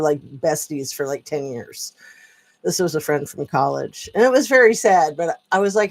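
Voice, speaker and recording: A woman's voice: low-pitched, a little mellow. A woman talking at home in a rambling, chatty political commentary vlog, often drifting off on tangents. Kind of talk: casual commentary monologue. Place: at home with a dog.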